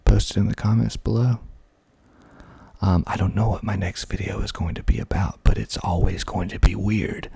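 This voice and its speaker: A man, hosting a soft-spoken ASMR video, speaking slowly and deliberately into a close mic with a pop filter, with wry asides. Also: sits low, fairly even intonation, vocal fry, husky, no echo. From Georgia, USA. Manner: slow, deliberate, half-whispered delivery with wry asides. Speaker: ASMR channel host.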